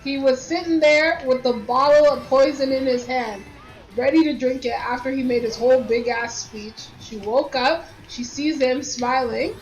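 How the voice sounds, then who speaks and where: A woman chats with friends over a game, retelling a plot with swearing and animated storytelling. Her voice sits fairly high. The room sounds echoey with game music behind. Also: normal speed, lo-fi sound. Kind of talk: casual chat while gaming.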